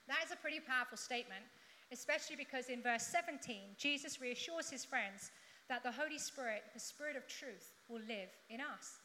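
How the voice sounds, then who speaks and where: Bright-voiced woman preaching in a hall. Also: high-pitched, fairly quick. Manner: conversational with humorous asides to the congregation. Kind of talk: sermon. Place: church hall with congregation. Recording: echoey hall with faint background noise.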